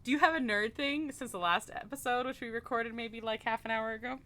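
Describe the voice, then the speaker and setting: A woman's voice: fairly high pitch, brisk, bright, forceful tone. A woman from Canada co-hosting a casual podcast chat, giggly and chatty. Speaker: podcast co-host.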